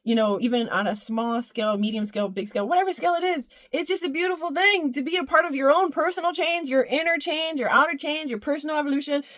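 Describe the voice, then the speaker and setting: A woman with a fairly high, bright voice gives an upbeat spiritual pep talk. She laughs often, breaks into squeals and runs her phrases together in rhythmic, repeating lists. The sound is close and dry. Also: fast, hardly any pauses, no echo. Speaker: spiritual channel and motivational speaker.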